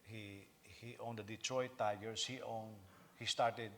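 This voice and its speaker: There's slight background noise as a middle-aged senior pastor preaches in a fairly low, unhurried voice. Animated and joking with the congregation, he repeatedly restarts and repeats his phrases.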